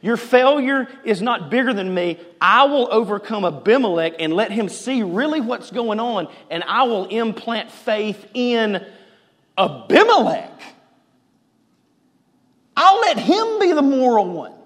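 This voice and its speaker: Emphatic reassuring god voice, a preacher doing it, echoey hall. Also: male voice, expressive, a little slow, a bit bright, full character voice. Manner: emphatic, rising pitch. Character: God speaking reassuringly to a failing man.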